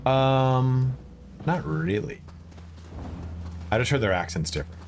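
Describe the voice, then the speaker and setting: A man's voice: mid-range voice, lively intonation, slow pace, a little hiss or hum. A man streaming a video game, chatting casually with viewers in a rambling way, swearing and exclaiming at what happens on screen. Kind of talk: casual live-stream chat while gaming.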